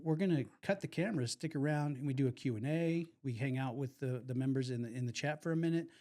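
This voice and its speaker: A man's voice: medium pitch, quick pace, darkish tone. A man co-hosting a live podcast in casual chat, rambling and repeating himself in an upbeat way. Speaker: podcast co-host.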